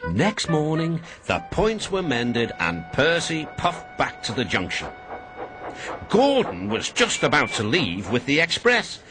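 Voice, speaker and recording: A British man narrating a children's story in a very animated, expressive way over background music. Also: medium pitch, unhurried.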